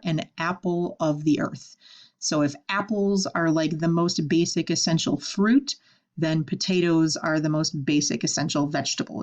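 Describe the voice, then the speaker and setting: A woman teaching a French vocabulary lesson, saying each word slowly and then explaining it in casual English. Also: low voice, darkish tone, dull audio.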